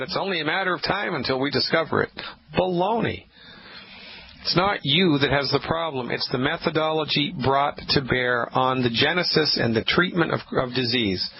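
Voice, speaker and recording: A man's voice: medium pitch, husky. A man hosting a live health radio show, talking emphatically and repeating points for force. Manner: emphatic, repetitive, preachy; mock Irish lilt in the opening. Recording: slightly dull radio broadcast with faint hiss.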